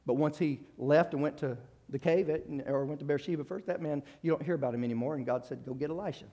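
A man delivers a sermon at a fast clip in a fairly high voice, retelling a story with acted-out quotes and many restarts. He swings from loud, rising exhortation to quiet, conversational asides.

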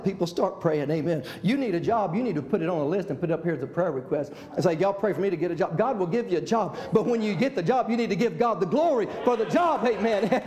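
Male pastor, high pitched, fervent sermon delivery, roomy church sound. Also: lively intonation, fast talker, few pauses, a little mellow. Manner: impassioned preaching, repeats phrases, calls out amen and hallelujah.

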